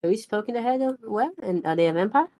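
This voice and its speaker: A woman's voice: mid-range voice, animated, fast talker, dark tone, no room sound, studio quality. A woman playing in a live tabletop game, talking bluntly and teasingly with the group. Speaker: player. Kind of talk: casual chat at a game table.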